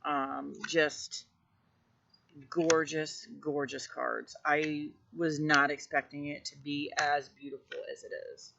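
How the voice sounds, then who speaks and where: A woman casually showing off her tarot decks, gushing with effusive praise and sometimes dropping to a hushed voice. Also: sits low, little pitch movement, takes it slowly, creaky, highs cut off. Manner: drops to a hushed voice at times. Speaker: tarot deck reviewer. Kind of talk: casual show-and-tell vlog.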